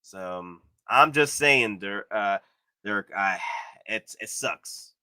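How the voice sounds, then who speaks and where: A man hosting a live stream, commenting excitedly on collectible figures and gushing with repeated exclamations. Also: lowish voice, slow, clear, resonant tone, no room sound, studio quality. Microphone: streaming setup.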